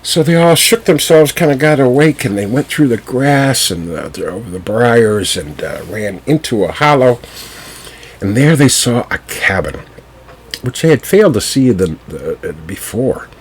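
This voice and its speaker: A man telling a folk tale to listeners, unhurried, with small fillers and restarts. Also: mid-range voice, animated, slightly rough. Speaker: storyteller.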